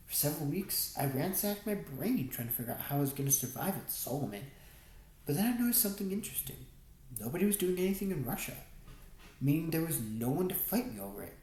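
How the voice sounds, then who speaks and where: A woman reading a first-person memoir aloud in a measured, steady storytelling manner. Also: sits low, reverberant. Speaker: audiobook reader.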